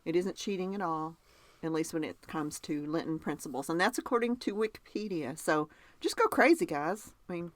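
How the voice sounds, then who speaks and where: A woman's voice: fairly low pitch, expressive, moderate pace, dry recording. A woman with a Southern accent hosting a podcast in casual chat, who laughs often and keeps asking her cohost questions. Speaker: podcast host.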